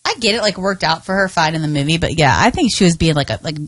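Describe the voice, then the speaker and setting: A woman's voice: low-pitched, animated, quick pace, fairly bright tone, no echo, clean studio sound. A woman chatting bluntly on a podcast, casual and profane. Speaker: podcast guest. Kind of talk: casual chat.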